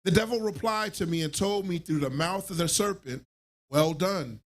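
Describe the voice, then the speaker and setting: A man reading scripture aloud in a steady, measured way during a class. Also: high voice.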